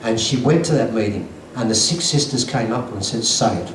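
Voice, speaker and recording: A man's voice: mid-range voice, expressive, a little fast, noisy background. A man giving an earnest, emphatic talk to a conference audience, telling stories. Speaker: conference speaker. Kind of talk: lecture to an audience. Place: conference hall. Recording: echoey hall recording from a distance.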